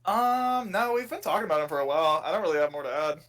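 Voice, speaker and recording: Podcast co-host, a man with a higher voice; relaxed joking banter and rambling anecdotes. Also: fast talker, low-quality recording. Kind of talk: casual sports chat.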